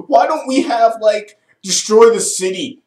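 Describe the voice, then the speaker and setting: A man's voice: on the high side, expressive, quick pace, natural voice. A man voicing a furious male villain lieutenant who is exasperated with everything, ranting. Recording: echoey room.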